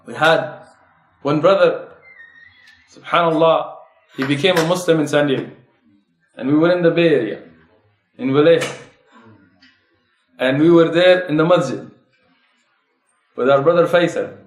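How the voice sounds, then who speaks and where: A man delivers a fervent sermon, pressing his listeners with one rhetorical question after another. His voice sits high for a man. The sound rings around a roomy mosque prayer hall. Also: moderate pace, pauses often, faint music behind. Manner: impassioned, rhetorical questions, rising emphasis. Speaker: preacher.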